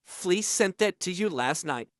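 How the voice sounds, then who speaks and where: A man voicing a male inmate in the next cell who gives low, flat, ominous warnings. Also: a little slow, no room sound, clean studio sound. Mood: ominous hush.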